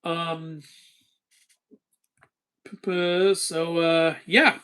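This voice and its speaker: His voice is a little high and clean-toned, and he talks extremely slowly. He's hosting a casual live-stream Q&A, answering chat questions animatedly, laughing often and cursing casually.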